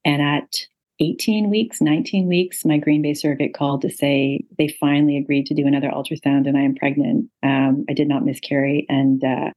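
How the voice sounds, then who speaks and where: Woman telling her story, flat steady voice. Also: low voice, a little fast, rough recording. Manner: earnest storytelling with many fillers. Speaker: author and guest. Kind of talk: interview conversation.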